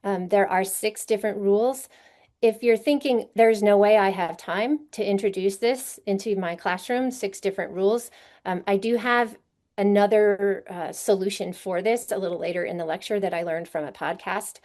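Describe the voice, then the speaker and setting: A woman's voice: medium pitch, normal speed, a little mellow. A woman presenting a literacy workshop to teachers, explaining patiently and often checking in with a rhetorical question. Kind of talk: conference teaching session.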